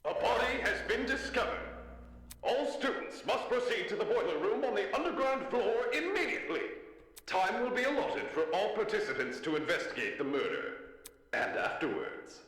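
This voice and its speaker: A gleeful high announcer in a long echo. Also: male voice, sing-song, normal speed, a bit bright, faint music behind. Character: announcer mascot of a deadly school game. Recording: echoey game audio with long reverb.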